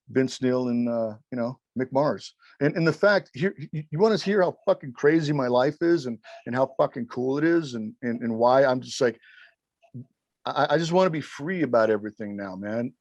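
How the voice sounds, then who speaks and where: Profane, rambling former referee telling stories. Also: male voice, medium pitch, dry recording. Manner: animated, swears constantly, acts out quotes. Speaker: former wrestling referee, interview guest.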